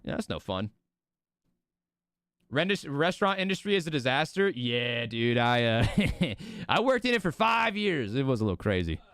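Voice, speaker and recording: A man's voice: mid-range voice, very animated, normal speed, a bit bright, dry recording, studio quality. A young man streaming, chatting casually and rambling with his viewers, laughing often. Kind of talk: casual livestream chat.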